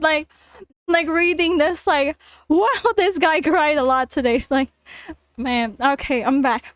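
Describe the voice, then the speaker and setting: A woman's voice: sits high, fairly even intonation, measured pace, dry recording, studio quality. A woman streaming casually, reading viewer stories aloud and reacting with frequent laughter and repeated phrases. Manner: giggly, laughs often, repeats herself. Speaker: vtuber streamer. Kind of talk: casual livestream reading and commenting.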